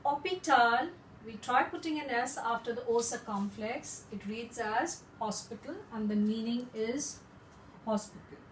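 A woman teaching French in a lesson, explaining slowly and repeating words for practice. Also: on the high side, reverberant, far from the mic, a little hiss or hum, low-quality recording.

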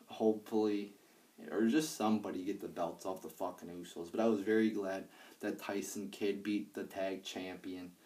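A man's voice: low-pitched, dark tone, recorded from a distance. A young man casually reviewing a wrestling show, rambling and profane, with lots of fillers and restarts. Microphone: handheld iPad.

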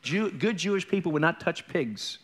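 A man's voice: on the high side, animated, moderate pace, husky. A man pastor preaching a sermon in a conversational way, with jokey asides and acted-out quotes.

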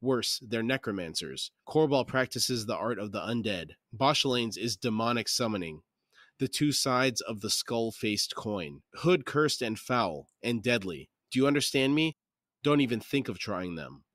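Guy doing a gruff tired captain, blunt talk. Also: medium pitch, lively intonation, unhurried, fairly bright tone, dry recording, studio quality. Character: blunt, weary male caravan captain.

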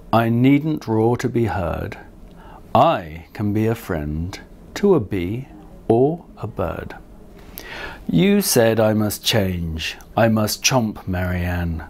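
A kind, thoughtful lion who would rather write poems than roar, as a man reads him. The voice is low, unhurried and slightly gravelly, earnest rather than fierce, like a storybook lion speaking from the heart. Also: a little mellow, full character voice. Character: gentle poetic male lion, kind and thoughtful.

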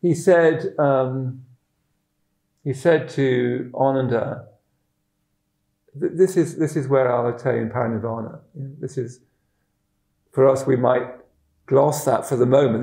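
A man's voice: mid-range voice, warm tone, echoey room. A man from the West Midlands, giving a rambling, self-deprecating dharma talk full of fillers and restarts. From West Midlands, England. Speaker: Buddhist teacher.

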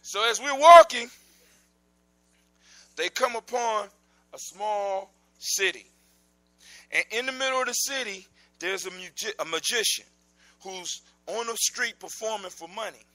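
Man, casual storytelling, animated, conversational, bright tone. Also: sits high, a little slow, long pauses, poor audio. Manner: animated, conversational, informal grammar.

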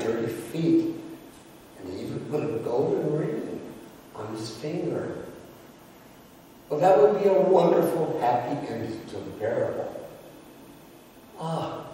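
A male pastor preaches slowly and emphatically, pausing for effect, his voice slightly high. The sound rings through a large church sanctuary, picked up from a distance with a long reverb tail and a faint hiss. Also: darkish tone. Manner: storytelling, emphatic, with dramatic pauses. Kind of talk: sermon. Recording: echoey hall from far off.

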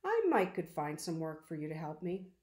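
A wise, plainspoken older housekeeper drawls slowly in rural dialect, as a woman reads her part aloud. The voice sits low. The reading carries a roomy echo. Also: wildly swooping pitch, darkish tone.

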